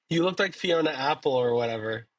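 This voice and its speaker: A man co-hosting a podcast, slightly hoarse, telling rambling stories in casual chat with lots of fillers. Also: mid-range voice, animated, fairly quick, no echo. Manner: laid-back, rambling storytelling with many fillers. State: a little hoarse. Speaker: podcast co-host.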